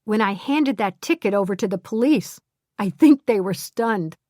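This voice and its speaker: A man's voice: high voice, lively intonation, moderate pace, darkish tone, no echo, studio quality. A woman voicing a cheerful young man. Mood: amused.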